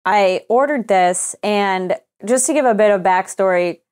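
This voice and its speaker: A woman's voice: medium pitch, measured pace, clear, resonant tone. Swearing young woman telling a story. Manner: animated storytelling, swears freely, acts out quoted exchanges. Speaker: podcast co-host. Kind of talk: casual chat.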